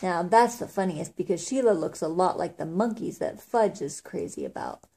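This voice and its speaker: Mellow woman reading a children's book. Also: lowish voice, animated, moderate pace, vocal fry, breathy edge. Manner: casual, with small slips. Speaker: reader.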